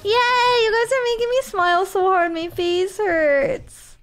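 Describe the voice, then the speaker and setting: A tearful woman with a very high voice speaks unhurriedly during a gaming live stream, faint music playing behind her. In casual chat, she thanks her viewers with deep emotion, nearly crying.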